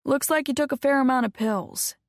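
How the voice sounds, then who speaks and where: A woman voicing a calm, middle-aged male doctor who speaks in a measured, reassuring way. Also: high voice, no echo, clean studio sound, pitched above the performer's own voice.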